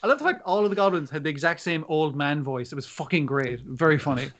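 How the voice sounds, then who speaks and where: A man's voice: on the high side, quick pace, a bit bright. A man co-hosting a casual podcast, swearing often and laughing as he retells scenes. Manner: laughing, swearing, acting out characters in quotes. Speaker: podcast co-host. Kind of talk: casual chat.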